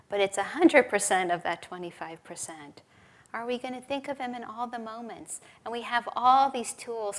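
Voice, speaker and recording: A woman giving a relaxed, conversational sermon at a spiritual service, telling stories and laughing now and then. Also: medium pitch. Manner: conversational, with laughs and acted quotes. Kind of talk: sermon with storytelling.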